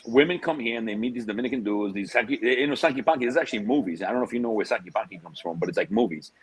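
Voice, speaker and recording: A man's voice: mid-range voice, breathy edge, poor audio. A man, a guest telling stories in a casual interview, streetwise and full of slang. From United States. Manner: streetwise slang, drawn-out tangents.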